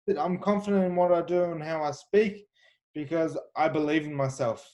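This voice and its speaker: A fairly high but darkish voice, at normal speed, belongs to an Australian kickboxer sharing fight tales. In this lively interview he comes across confident and talkative, often restarting and using plenty of fillers.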